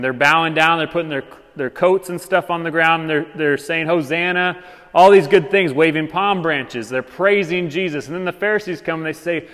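A man's voice: on the high side, fairly bright tone. Casual preaching man, echoing hall. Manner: casual, conversational preaching with many fillers. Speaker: pastor. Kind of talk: sermon. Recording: long reverb of a church hall.

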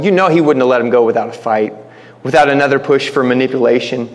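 A man gives a relaxed Bible-study sermon at an ordinary pitch, chatty and informal, often restarting his phrases. His voice carries a long reverb tail, as if recorded in a hall. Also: fast. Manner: informal, restarts phrases, addresses listeners as guys. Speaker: Bible teacher.

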